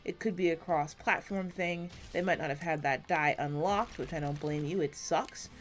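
A woman giving casual, rambling commentary while playing a video game, self-deprecating and swearing often, swinging between quiet and loud, on a close desk mic. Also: low voice, normal speed, soft background music. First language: English. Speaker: gaming YouTuber.

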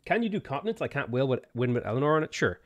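A man streaming a game, casually greeting viewers by name and giving quick offhand answers to their questions. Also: medium pitch, sing-song, lo-fi sound. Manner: greets chat viewers by name between game setup remarks. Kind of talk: casual live-stream chat.

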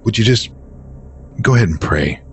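A man's voice: on the low side, animated, normal speed, faint music behind. A man playing his character in a horror tabletop game, blunt and impatient. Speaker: player.

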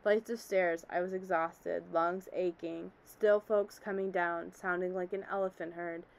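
A woman's voice: on the low side, fairly even intonation, unhurried, creaky, low-quality recording. A woman reading a story aloud, telling it as a man who survived a disaster, in an earnest, haunted way. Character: middle-aged man, former office worker, shaken survivor.

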